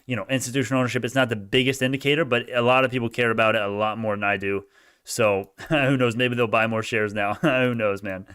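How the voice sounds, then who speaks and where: A man streaming live stock commentary, chatting with viewers, swinging between mumbled asides and loud cheering, arguing back at comments and laughing often. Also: medium pitch, fairly even intonation, fast talker, clear, resonant tone.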